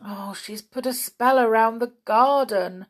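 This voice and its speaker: A woman voicing an excitable male pixie in a storybook reading, fussing and breathless. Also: on the high side, a little slow, voice pushed up, natural voice. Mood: worried. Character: excitable male pixie, fretful then gleeful.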